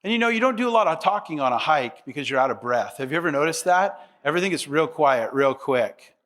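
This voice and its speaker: A man's voice: fairly high pitch, animated, fast, fairly bright tone. A middle-aged man preaching a sermon as pastor, conversational and humorous, with asides to the congregation.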